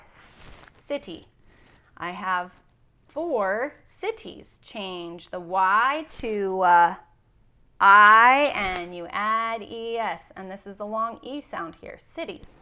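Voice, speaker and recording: Slow, patient woman teacher. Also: medium pitch, fairly bright tone. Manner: slow, patient, sounding out words. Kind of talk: recorded class lesson.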